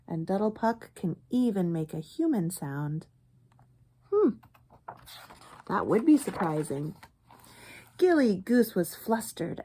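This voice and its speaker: A woman reading a picture book aloud for children, pausing to comment on the pictures and ask the listener questions. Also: medium pitch. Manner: animated, expressive reading.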